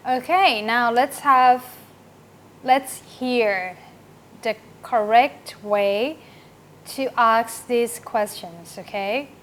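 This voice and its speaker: A woman teaching an online English lesson, giving slow, patient instructions. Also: fairly high pitch, fairly bright tone, a little hiss or hum.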